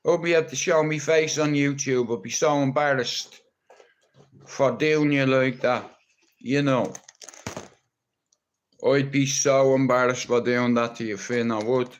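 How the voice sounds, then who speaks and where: Irish guy on a live stream, talks slow, blunt, swears a lot and teases his mates. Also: mid-range voice, fairly even intonation, smooth. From Ireland. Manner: rambling, blunt, swearing, teasing. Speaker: livestreamer. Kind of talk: rambling live stream monologue.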